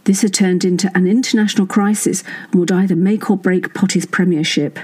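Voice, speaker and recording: A woman's voice: on the low side, steady tone, fairly quick, darkish tone, slightly rough, poor audio. A woman narrating a satirical serial story in a wry, dry manner, voicing the dialogue herself.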